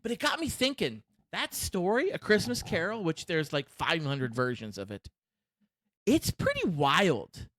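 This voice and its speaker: A man co-hosting a podcast in casual chat, excitable and laughing often, with frequent swearing. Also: fairly high pitch, unhurried, no room sound, clean studio sound. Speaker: podcast co-host.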